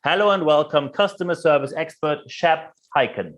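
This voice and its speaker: Man hosting, slightly high voice. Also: normal speed, fairly bright tone. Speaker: interview host. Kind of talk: interview hosting.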